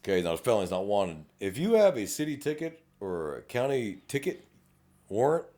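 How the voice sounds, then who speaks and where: A middle-aged police officer with a South Texas accent co-hosts a casual podcast chat, blunt and profane, acting out quoted exchanges. His warm voice sits on the low side, very animated, at normal speed.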